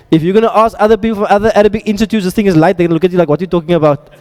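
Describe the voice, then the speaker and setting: A man teaching an Arabic grammar class, quizzing his students with quick drills and joking asides. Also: sits high, fairly even intonation, darkish tone, long reverb tail.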